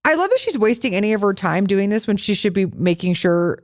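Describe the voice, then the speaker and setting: A woman's voice: medium pitch, lively intonation, fairly quick. A woman co-hosting a podcast in casual chat, sarcastic and profane, telling stories with animation. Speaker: podcast co-host.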